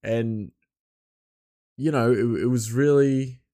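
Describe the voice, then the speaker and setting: A man hosting his podcast alone, rambling loosely and chuckling, his voice a bit hoarse. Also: medium pitch, takes it slowly, warm tone, no room sound, studio quality. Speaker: podcast host. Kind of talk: casual podcast monologue.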